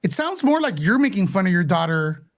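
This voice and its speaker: A man hosting a casual livestream chat, blunt and joking, quick to mock. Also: high voice, sing-song, dry recording. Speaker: show host.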